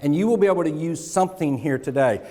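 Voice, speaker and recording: A man from the South gives a keynote at a conference. His voice sits a little high, and he talks in a jokey, folksy way. A long reverb fills the large hall around him. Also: lively intonation, mellow. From American South. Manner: jokey, folksy, with pauses for laughs. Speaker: keynote speaker. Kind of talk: motivational keynote speech.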